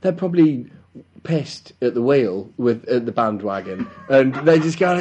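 A man's voice: medium pitch, lively intonation, measured pace, a little mellow, a little hiss or hum. A young man co-hosting a podcast, chatting casually in a rambling way, laughing often and swearing. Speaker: podcast co-host. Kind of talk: casual chat.

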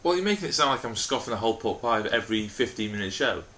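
A man's voice: mid-range voice, lively intonation, quick pace, a bit bright. A man co-hosting a podcast, chatting casually with teasing, laughing banter. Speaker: podcast co-host. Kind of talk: casual chat.

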